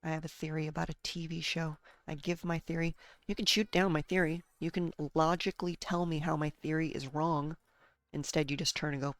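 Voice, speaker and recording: Female game streamer, low voice with vocal fry, blunt, sarcastic, frustrated. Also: fairly even intonation, brisk, dry recording. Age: adult, married. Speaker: gaming streamer. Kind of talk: casual venting while streaming a game.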